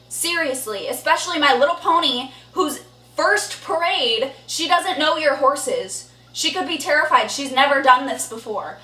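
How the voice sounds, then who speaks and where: Brief: young woman, high-pitched, bright, blunt ranting vlogger, echoey room. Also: recorded from a distance. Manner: indignant, blunt, frequent swearing and "like". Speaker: horse vlogger. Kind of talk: storytime rant to camera. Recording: echoey room, voice a bit off-mic.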